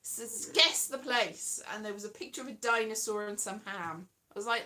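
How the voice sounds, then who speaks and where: A woman's voice: a little high, expressive, fairly quick, hardly any pauses, over music. A woman rambling through a playful comic monologue, singsong and fond of silly voices. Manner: playful, sing-song, slips into silly voices. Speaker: vlogger.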